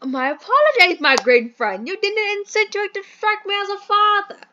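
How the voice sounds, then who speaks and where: A woman puts on a grandly pompous British gentleman from a phone dating game, all flowery speeches and fussy manners. The voice is high and bright, and it comes through a muffled, low-fi mic. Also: animated, normal speed, a little hiss or hum, heavily acted. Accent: put-on British. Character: fussy old-fashioned British gentleman, a phone box employer. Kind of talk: voicing a dating sim playthrough.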